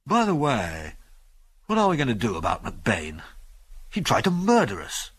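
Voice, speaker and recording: A man's voice: medium pitch, huge pitch swings, a little slow, slightly rough, heavily acted. A man voicing a hesitant, practical bush pilot. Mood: uneasy. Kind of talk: audiobook character voice.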